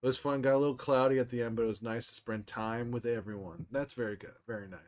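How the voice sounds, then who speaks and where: A young man chats casually on a live stream, reading viewers' messages aloud and answering them in a relaxed, rambling way. His voice is medium-pitched and he talks fast.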